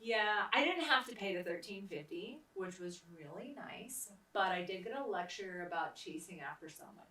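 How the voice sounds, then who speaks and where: A woman's voice: medium pitch, lively intonation, moderate pace, few pauses, pushed and bright, far from the mic. A woman hosting her own show, telling stories casually and laughing often as she talks. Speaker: host interviewing herself. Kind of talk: casual anecdotal storytelling. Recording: echoey room, voice a bit off-mic.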